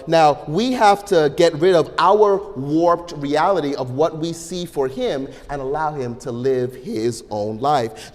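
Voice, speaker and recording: A man preaching a sermon, telling personal stories with animated delivery and building to emphatic exhortation. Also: mid-range voice, in a large hall. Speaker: minister.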